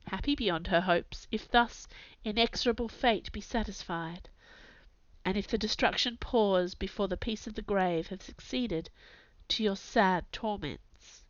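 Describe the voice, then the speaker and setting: A woman narrating a dramatic audiobook reading in an anguished, intense, theatrical way, dropping to hushed tones at times. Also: medium pitch, takes it slowly, no room sound. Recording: slightly dull, dry recording.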